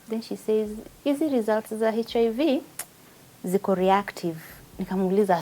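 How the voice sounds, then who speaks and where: A woman's voice: medium pitch, moderate pace, dark tone, rough recording. A woman with a Kenyan accent, a guest giving an emotional personal testimony and mixing Swahili with English.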